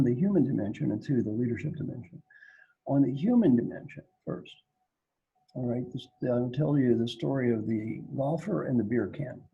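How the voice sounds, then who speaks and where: A man's voice: medium pitch, gravelly, husky, low-quality recording. A man coaching leaders in an online Q&A, acting out characters as he tells stories. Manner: animated storyteller, acts out characters. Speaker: executive coach. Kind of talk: storytelling Q&A talk.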